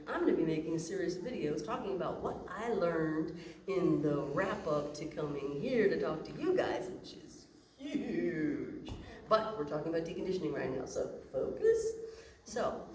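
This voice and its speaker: A woman's voice: fairly low pitch, big pitch swings, moderate pace, a little mellow, slight background noise. A woman giving a casual, playful talk to an audience as a human design teacher. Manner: casual and playful, acts out imagined inner voices. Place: room with an audience. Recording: echoey room from a distant mic.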